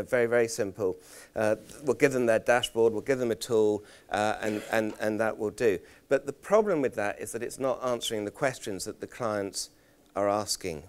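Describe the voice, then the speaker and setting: A man leading a conference workshop, talking in a halting way with repeated words and self-deprecating stories. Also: medium pitch, darkish tone. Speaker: workshop presenter. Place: conference room.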